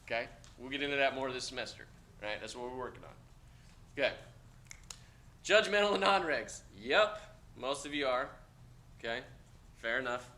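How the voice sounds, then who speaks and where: A man lecturing a class of cadets, blunt and joking, with loud outbursts. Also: mid-range voice, lively intonation, moderate pace, pauses often. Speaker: instructor.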